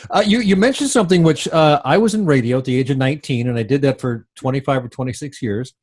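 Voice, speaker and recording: A man's voice: mid-range voice, a little mellow. An older man hosting an interview show, talking in long rambling sentences full of restarts. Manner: rambling, halting with many restarts and fillers. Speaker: podcast host. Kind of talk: interview conversation.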